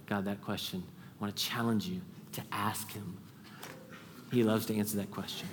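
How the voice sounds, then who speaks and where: A man preaching a sermon as a pastor, earnest, climbing high and urgent when he presses a point and dropping to a hush when he voices a prayer. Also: steady tone, moderate pace, a little hiss or hum. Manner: drops to a soft hush when voicing a prayer. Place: church sanctuary. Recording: long hall reverb.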